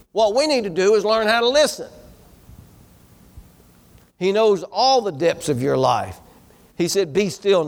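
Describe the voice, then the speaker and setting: A man delivers a sermon in a folksy, exhorting manner. His voice sits somewhat high for a man. He keeps putting questions to the congregation as their pastor.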